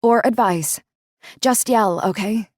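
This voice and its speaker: A woman voicing a warm, teasing young woman who talks brightly and calls out across a distance. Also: fairly high pitch, slow, no room sound, studio quality, pitched above the performer's own voice. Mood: lively. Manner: bright and lively, calling out.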